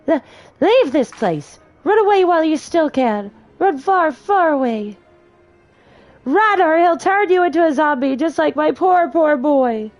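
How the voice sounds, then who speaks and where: A shrill, hysterical old crone who wails and cackles about doom, as a woman puts her on. The voice climbs high and loud above her already high register, with soft music faint in the background. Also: animated, a little slow. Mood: shrill accusing. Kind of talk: reading game dialogue aloud.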